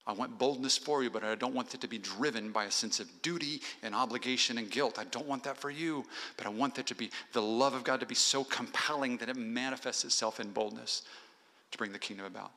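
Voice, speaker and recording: This pastor's mid-range voice comes across brisk, bright and forceful. Preaching earnestly, he exhorts his congregation one point after another inside a church sanctuary, with long hall reverb on the recording.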